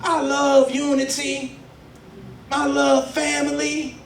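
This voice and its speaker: A man in his forties with a strikingly high voice delivers a rhythmic, preacherly speech. He builds to loud emphatic peaks. He sounds distant in an echoey hall, with faint room noise underneath. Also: slow, vocal fry. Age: 40s. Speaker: exonerated speaker at a book launch. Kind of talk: impassioned spoken-word speech to a crowd. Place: community event hall with audience. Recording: echoey hall, mic from far off.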